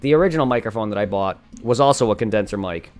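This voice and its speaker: A man's voice: fairly low pitch, lively intonation, fast, soft background music. Rambling man on a desk mic. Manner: rambling, restarts mid-word. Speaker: streamer. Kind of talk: casual tech talk. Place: home room by a humming computer. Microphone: desk condenser mic.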